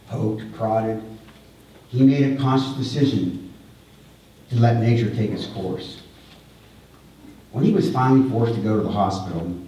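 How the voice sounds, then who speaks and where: A middle-aged man delivering a heartfelt eulogy at a memorial service, halting and repeating words as he speaks with feeling. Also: on the low side, mellow, slight background noise. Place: large hall at a memorial service. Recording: echoey hall, voice far from the mic.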